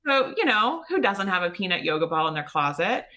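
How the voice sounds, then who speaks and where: A woman guest on an interview show, telling her own story in a lively, chatty way with lots of "you know" and "like". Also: fairly low pitch, fairly quick. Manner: lively retelling with many "you know" and "like" fillers. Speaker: podcast guest. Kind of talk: personal storytelling.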